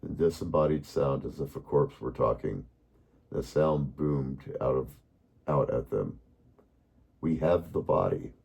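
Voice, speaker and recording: A man reading a bedtime story aloud in a calm, unhurried way, now and then correcting himself. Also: very deep voice, vocal fry, breathy edge.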